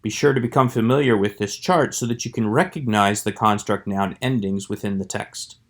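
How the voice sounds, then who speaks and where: A man giving a scripted Hebrew grammar lecture as a voice-over, measured and slowing down to sound out each Hebrew word. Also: on the low side. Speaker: Hebrew instructor.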